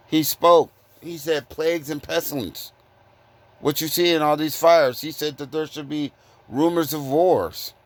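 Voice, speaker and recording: A man preaching informally from scripture, confronting listeners with blunt rhetorical questions and reading verses slowly. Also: on the high side. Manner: repeated rhetorical questions, "guess what?"; reads verses slowly and deliberately.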